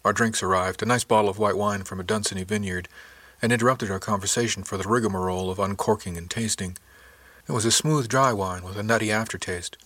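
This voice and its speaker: A man reads a first-person audiobook in a measured, even way. His voice is on the low side, and the recording is dry and close with no room sound. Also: no room sound. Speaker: audiobook narrator.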